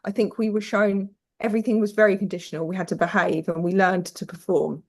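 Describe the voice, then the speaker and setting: A woman's voice: medium pitch, little pitch movement, quick pace. A British woman guest telling parenting stories frankly, swearing casually and acting out quoted voices. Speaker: podcast guest. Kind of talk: candid conversational storytelling.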